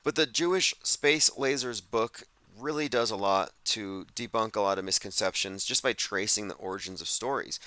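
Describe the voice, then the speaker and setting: A man's voice: on the low side, normal speed, hardly any pauses, pushed and bright, dry recording. A man hosting a casual livestream show, talking sardonically and reading out viewers' chat comments. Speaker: host.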